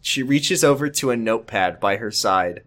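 Giggly man with a lively voice. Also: medium pitch, normal speed. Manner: giggly, frequently breaks into laughter. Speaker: podcast co-host reading fanfic aloud. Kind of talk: casual comedic chat.

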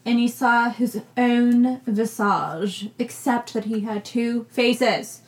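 A woman's voice: fairly high pitch, slow. Joking young woman telling ghost stories. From New England. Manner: jokey, laughs while telling a spooky story. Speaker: podcast co-host. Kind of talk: casual chat, storytelling.

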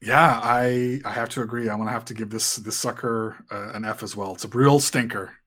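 A man's voice: mid-range voice, fairly even intonation, brisk, fairly bright tone. A man co-hosting a film review podcast in casual chat, with a dry, agreeable manner. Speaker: podcast co-host.

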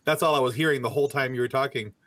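Male podcast host, relaxed and jokey, mid pitch, dead-dry recording. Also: rapid-fire, no echo. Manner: joking, easygoing, self-deprecating. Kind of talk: casual interview chat.

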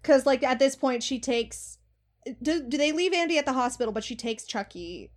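Woman co-host, casual film chat, slightly high voice, eager scene-by-scene retelling. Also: lively intonation, normal speed. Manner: enthusiastic, recounts scenes with quoted lines. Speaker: podcast co-host.

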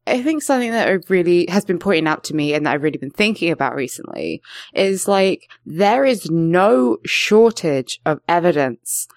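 A woman's voice: lowish voice, sing-song, normal speed, no echo, clean studio sound. A woman hosting a casual comedy podcast, often laughing and steering the talk back on topic. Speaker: podcast host.

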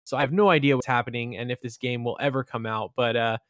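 A man's voice: mid-range voice, fairly even intonation, fast, a bit bright, no echo, clean studio sound. A man hosting a casual gaming podcast, laid-back and slangy. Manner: laid-back, slangy, says "bro" and "dude". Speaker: podcast host. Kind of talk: casual chat.

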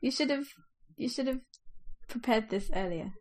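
Woman co-host, higher voice, teasing and giggly. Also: moderate pace. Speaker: podcast co-host. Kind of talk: casual podcast banter.

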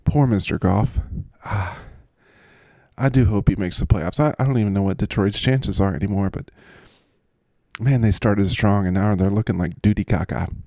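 Gravelly rambling podcast host, man. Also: on the low side, moderate pace, mellow, no room sound. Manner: rambling and self-mocking. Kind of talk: casual comedy podcast talk.

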